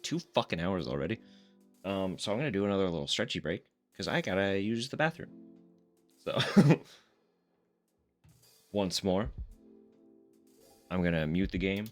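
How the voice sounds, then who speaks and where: Relaxed male streamer for casual gameplay talk; low voice, loose and profane. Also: moderate pace, long pauses, soft background music. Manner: laid-back, swears and laughs easily.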